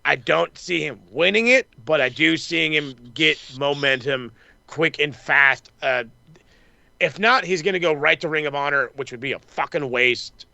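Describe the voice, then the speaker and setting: A man with a fairly high, gravelly voice and a bright, forceful edge rattles through a casual recap chat. He swears constantly and slips into quick impressions of the people he quotes. The sound is dry and close. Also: no room sound, highs cut off. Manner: profane, excitable, acts out quotes. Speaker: wrestling podcast host.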